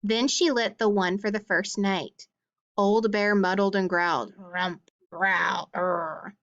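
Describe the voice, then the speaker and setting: A storyteller reads a children's picture book aloud in a middling pitch and at a slightly slow pace, pausing now and then to explain things simply for young listeners. The recording is a bit dull and lo-fi.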